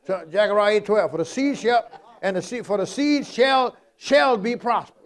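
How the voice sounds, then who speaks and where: A man's voice: high-pitched, normal speed. A man preaching a sermon in a folksy, repetitive, emphatic way, quoting Scripture.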